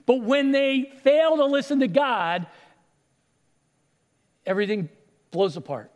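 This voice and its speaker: A man preaching a sermon, retelling stories with animated delivery and acted-out voices. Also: extremely high pitch, slow pace, long reverb tail. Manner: animated storytelling, acts out voices. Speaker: pastor.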